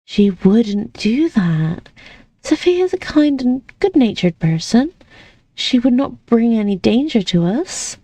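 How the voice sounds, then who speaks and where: A woman voicing a sweet, naive, sheltered young lady of the house, gentle and trusting in manner. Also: a little high, sing-song, takes it slowly, no echo, voice pushed up, heavily acted. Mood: pleading.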